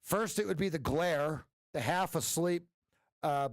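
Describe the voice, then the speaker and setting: A man's voice: on the high side, a little slow, dry recording, studio quality. A man hosting a live trading stream, chatting casually and joking with viewers, laughing often.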